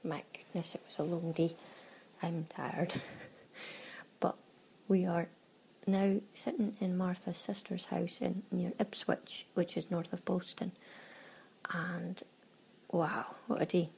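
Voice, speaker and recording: A woman's voice: fairly low pitch, fairly even intonation, slow pace, creaky, darkish tone, husky, poor audio. A Scottish woman chatting casually through a travel audio diary, laughing often and acting out little exchanges. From Scotland. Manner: chatty, laughing, breaks into quoted exclamations. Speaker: audio diarist.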